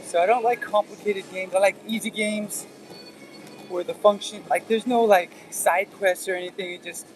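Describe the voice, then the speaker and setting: A man's voice: high-pitched, fairly even intonation, normal speed, soft background music, poor audio. A man hosting a casual livestream, chatting with viewers in a rambling, easygoing way while working out on an elliptical. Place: indoors at an exercise machine.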